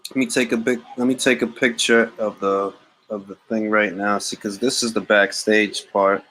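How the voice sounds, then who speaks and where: A man's voice: on the low side, flat delivery, normal speed, bright, forceful tone, a little hiss or hum, poor audio. A man hosting a boxing talk livestream, joking around in casual slang and repeating catchphrases. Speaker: boxing talk show host.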